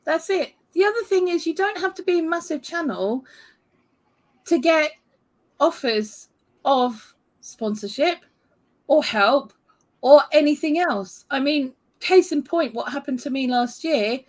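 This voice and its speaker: A woman's voice: high voice, lively intonation, unhurried. A woman, a YouTuber guest in a casual chat, making her points with emphatic rhetorical questions.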